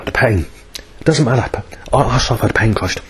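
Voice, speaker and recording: A man's voice: mid-range voice, normal speed, heavy background noise. A man in pain, rambling through a coarse and bitter personal video diary between coughs. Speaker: vlogger.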